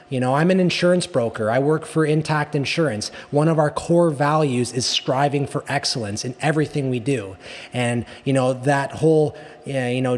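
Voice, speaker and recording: A man from Canada chatting casually as a guest in an interview, rambling, with many restarts and tag questions. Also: medium pitch. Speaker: guest, car enthusiast. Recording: long reverberant echo.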